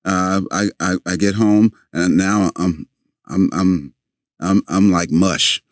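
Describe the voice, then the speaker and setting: Older man, deep voice, halting storyteller, dry close sound. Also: fairly even intonation, no echo. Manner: halting, many fillers and restarts. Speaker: guest. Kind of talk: storytelling in a podcast interview.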